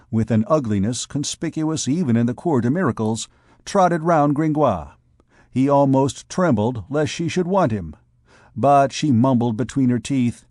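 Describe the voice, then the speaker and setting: A man reading a classic novel aloud as an audiobook narrator, measured and deliberate. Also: mid-range voice, a little mellow, dry recording, clean studio sound. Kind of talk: scripted narration.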